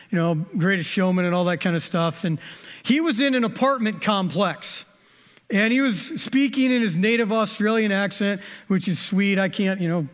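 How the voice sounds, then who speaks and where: A man's voice: high voice, a bit bright. A middle-aged man giving a sermon, telling folksy, conversational stories and jokes from his own life. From American Midwest. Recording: long hall reverb.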